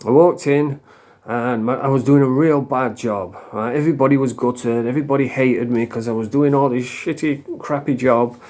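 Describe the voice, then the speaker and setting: A man's voice: medium pitch, fairly even intonation, moderate pace, darkish tone. A man with a South Yorkshire accent ranting angrily to camera, swearing heavily and rambling scornfully. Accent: South Yorkshire English. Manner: rambling with mocking put-on voices. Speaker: vlogger. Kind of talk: casual rant to camera.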